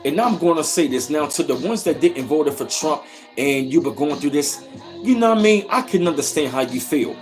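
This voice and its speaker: A man hosting a reaction channel, ranting in a heated, profane way and repeating himself with "yo". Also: a little high. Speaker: commentary channel host.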